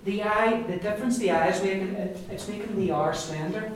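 A man with an Irish accent leads a classroom pronunciation lesson, saying words over and over for the class to repeat. His voice sits a little high and reaches the mic from some distance. The room is very echoey, with faint noise behind him. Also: fairly quick. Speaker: Irish language teacher.

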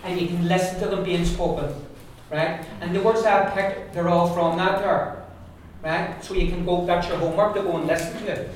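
A man's voice: high-pitched, fairly even intonation, moderate pace, few pauses. Man teaching in an echoey classroom. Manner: explains in loose restarts, checks with the class often. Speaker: Irish language teacher. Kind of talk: classroom lesson. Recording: echoey room from far off, noisy.

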